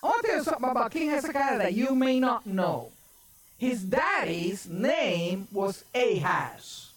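A woman's voice: a little high, very animated, measured pace. A woman pastor preaching a sermon, emphatic and often raising her voice for stress, with casual folksy asides.

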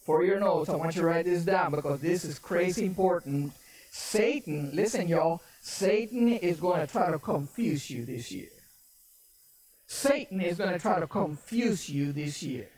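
A woman's voice: lowish voice, animated, a little slow, darkish tone. A woman pastor preaching a sermon, emphatic and often raising her voice for stress, with casual folksy asides.

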